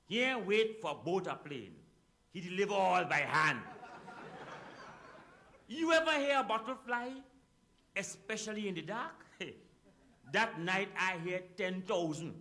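A man's voice: sits high, pushed and bright. A man with a Trinidadian accent reciting a rhymed comic calypso in a rhythmic, sing-song way.

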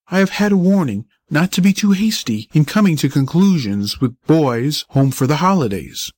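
A man voicing a good-natured older male doctor, quick to jump to conclusions, speaking in formal, old-fashioned phrases in a storybook reading. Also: on the high side, darkish tone, no room sound.

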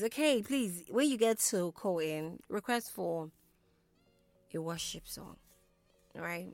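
A woman's voice: fairly low pitch, unhurried, long pauses, a little mellow, faint music behind. Playful woman radio host. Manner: playful, teasing, exclamatory. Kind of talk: call-in radio chat.

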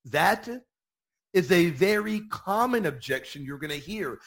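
A man hosting Catholic radio, teaching with fervent, repeated emphasis. His voice sits a bit high and swings widely in pitch. He slips into mock voices to act out objectors. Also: measured pace. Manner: emphatic, animated, repeats key phrases with bursts of enthusiasm. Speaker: Catholic radio show host answering listener questions. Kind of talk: energetic apologetics teaching.

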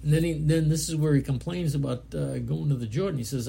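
A male preacher reads scripture aloud and breaks off to explain it in a casual, halting way. His voice is heavily gravelly with a warm, mellow tone, and there is a faint hiss behind him. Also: fairly high pitch, fairly even intonation. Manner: casual, halting explanation with fillers between readings. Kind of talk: Bible study sermon, reading scripture and commenting.

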